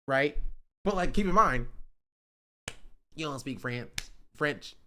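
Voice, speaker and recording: A man's voice: on the high side, lively intonation, a little slow, pauses often, pushed and bright. A man streaming, telling a travel story in rambling casual chat and checking in with "right?" as he goes. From United States. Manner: rambling, keeps asking "right?" and "you know?".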